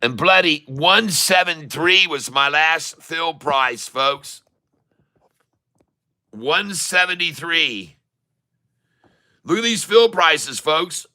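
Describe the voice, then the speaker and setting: A man's voice: a little high, lively intonation, slow pace, long pauses, bright, forceful tone. A middle-aged man giving live day-trading commentary, joking and rambling with showman asides to his viewers. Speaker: day trader streaming to viewers.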